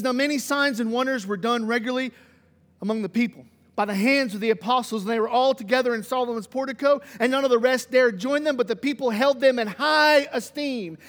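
Man, pastor, very high voice, animated sermon, long hall echo. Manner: animated, swings from loud emphasis to hushed.

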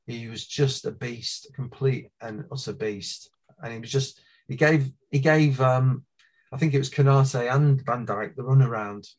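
A man talking through transfer news in a measured, thoughtful way on a casual podcast. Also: mid-range voice. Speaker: football podcast guest, Liverpool fan. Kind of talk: casual chat.

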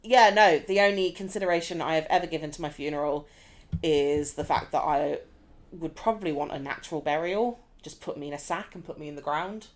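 A woman with a London accent, co-hosting a podcast in casual chat, giggly and quick to swear. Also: sits low. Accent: London English. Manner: giggly, swears freely, lively. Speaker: podcast co-host.

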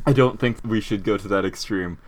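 A man's voice: lowish voice, a little fast, noisy background. A man co-hosting a podcast, chatting casually about tabletop game characters, rambling with lots of fillers and laughs. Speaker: podcast co-host.

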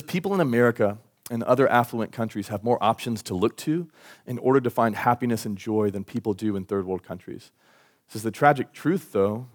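A man preaching a sermon at a church service, talking in a conversational, earnest way and telling stories with energy. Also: fairly low pitch. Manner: conversational, earnest, animated storytelling. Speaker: pastor.

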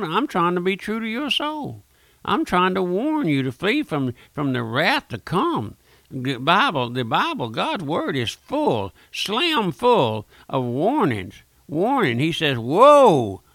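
Brief: male radio preacher, gravelly and fairly high-pitched, pleading and direct, dry close sound. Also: sharp tone, no room sound. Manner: pleading, repeats "my friend", addresses listeners directly. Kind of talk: fervent radio sermon. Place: radio studio.

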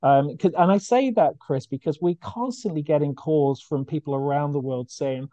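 A UK charity founder tells his story earnestly and with feeling in a podcast interview, frequently restarting his sentences. His slightly high, dark-toned voice moves at normal speed with few pauses, and the recording is dry.

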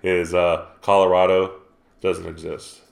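Low-voiced man retelling a classroom story. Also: unhurried, gravelly. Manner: animated retelling with quoted dialogue. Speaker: podcast co-host; geography teacher. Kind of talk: casual storytelling chat. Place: South Carolina.

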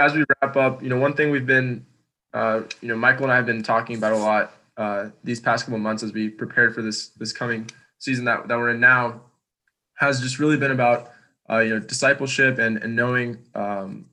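A man's voice: mid-range voice, steady tone, a little fast, sharp tone, rough recording. A man co-hosting a talk, wrapping up in a rambling way with many "you know"s.

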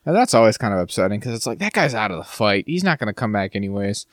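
Lively rambling male podcast co-host. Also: on the low side, fast, no room sound, studio quality. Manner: animated, rambling, repeats words. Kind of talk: casual chat.

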